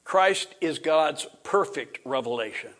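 A middle-aged man teaching a Bible lesson in an informal lecture style, rambling, restarting sentences, clearing his throat and chuckling. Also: on the high side, expressive, measured pace, fairly bright tone.

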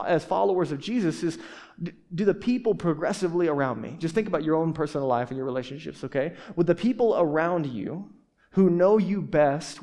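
A male pastor in his forties delivers a sermon. His voice sits a little high for a man, and he talks to the congregation in a loose, conversational way, often doubling back and adding asides. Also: darkish tone. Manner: casual, conversational preaching with frequent restarts and asides.

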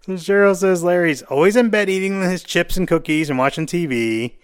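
A man's voice: high voice, a little fast, clear, resonant tone. Man recapping a TV scene. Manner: animated, acts out scenes with put-on quotes. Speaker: podcast co-host. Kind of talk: casual chat recapping a TV episode.

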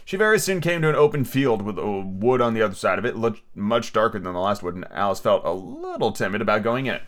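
A man's voice: lowish voice, animated, fast, a bit bright. Male podcaster reading aloud casually, chatty and self-correcting. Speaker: podcast host and audiobook reader. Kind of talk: casual read-aloud with asides.

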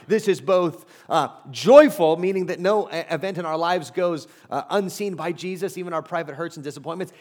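A pastor preaching a sermon to his congregation, conversational and emphatic, with asides and humor. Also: fairly high pitch.

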